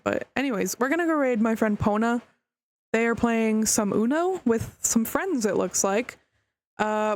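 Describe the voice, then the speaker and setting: A woman's voice: on the high side, darkish tone. A woman streamer wrapping up a stream in casual chat, rambling with lots of fillers and the odd curse, hiccuping.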